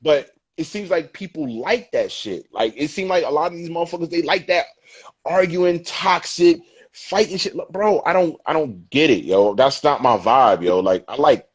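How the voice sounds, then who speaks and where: A man on a casual podcast, telling stories in an animated, profane way. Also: a little high, normal speed, husky. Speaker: podcast guest. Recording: dull lo-fi sound.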